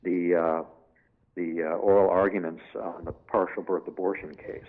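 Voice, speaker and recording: A man guest in an interview, telling anecdotes in an animated way and acting out the voices he quotes. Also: low-pitched, normal speed, phone-quality sound.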